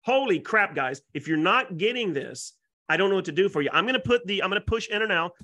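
Man, high pitch, bright forceful tone, energetic webinar pitch, salesy. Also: quick pace. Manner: excitable, salesy, folksy exaggeration. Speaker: guest speaker, realtor and YouTuber. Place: Florida.

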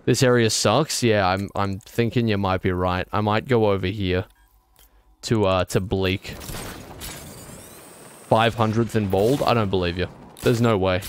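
A man's voice: lowish voice, fairly even intonation, measured pace, long pauses. Rambling male gamer, faint hiss. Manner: rambling, self-correcting, exasperated outbursts. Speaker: streamer. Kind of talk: casual gameplay commentary.

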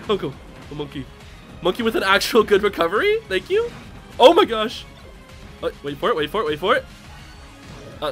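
A young man gives excitable, laughing commentary while playing a fighting game, with sudden loud outbursts. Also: high-pitched. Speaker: gaming channel host. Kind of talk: casual live game commentary. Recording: game music behind.

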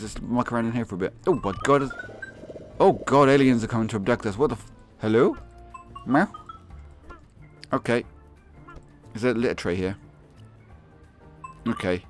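A young man giving excitable, swearing commentary on a game, laughing often and yelping in high squeaks. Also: a little fast, long pauses, soft background music. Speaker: gaming video host.

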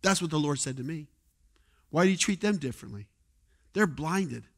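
A male pastor preaching a sermon in a conversational way, moving between quiet asides and loud exhortation. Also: fairly high pitch, expressive, normal speed, creaky. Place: church sanctuary.

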